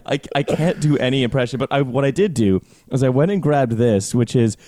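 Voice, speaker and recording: A man's voice: medium pitch, dark tone, no echo, clean studio sound. A man hosting a comedy podcast, rambling and stammering in casual banter. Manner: rambling, stammering, quick to laugh. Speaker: podcast host.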